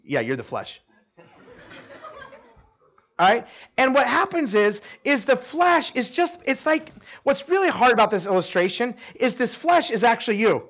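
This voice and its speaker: A man delivers a sermon in a notably high voice, pulling volunteers up to act out his point. He talks in an animated way, doubling words and restarting sentences, and tosses quick asides to his listeners. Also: dull audio. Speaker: preacher. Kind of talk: sermon with live volunteer demonstration.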